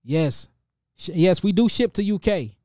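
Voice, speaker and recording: Man, St. Louis accent, middle-aged, livestream host, animated, preachy, slightly high voice, dry sound. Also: a little slow, dry recording. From St. Louis, Missouri. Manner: animated, preachy, calls listeners family. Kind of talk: casual livestream shout-outs.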